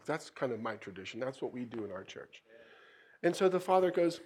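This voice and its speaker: Animated middle-aged preacher man. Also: mid-range voice, brisk, slightly rough. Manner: animated, swings into louder bursts. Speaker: missionary pastor. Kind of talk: sermon storytelling.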